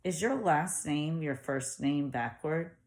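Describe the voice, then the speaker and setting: A woman voicing a quiet, weakened teenage boy who speaks matter-of-factly. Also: sits low, takes it slowly. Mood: weak.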